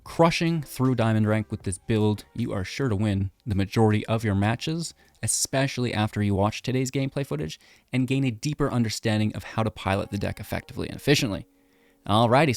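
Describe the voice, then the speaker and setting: A man giving upbeat, chatty commentary on a card game deck and his matches, thinking aloud as he plays. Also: lowish voice. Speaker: gaming content creator.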